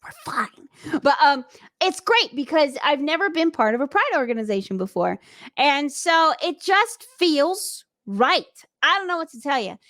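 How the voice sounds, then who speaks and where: A woman's voice: high voice, sing-song, fairly bright tone, dry recording, studio quality. Bubbly, playful American radio woman. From United States. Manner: bubbly, playful, quick to laugh. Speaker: radio host. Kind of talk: casual interview chat.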